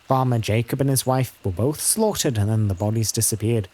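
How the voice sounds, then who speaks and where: A man's voice: mid-range voice, a little fast, darkish tone, lightly acted. A gloomy country herder from a fantasy game who rambles in folksy, ungrammatical talk, as a man plays him. He sounds close to an everyday man's voice. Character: rustic middle-aged male cattle herder, gloomy.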